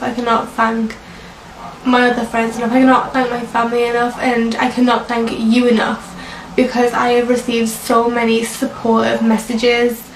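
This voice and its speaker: Young woman vlogger with a high voice, chatty and emotional personal telling; roomy, distant recording. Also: a little hiss or hum. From Britain. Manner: chatty, emotional, many fillers like "like" and "you know". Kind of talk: personal story told to camera. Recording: echoey room, mic at a distance.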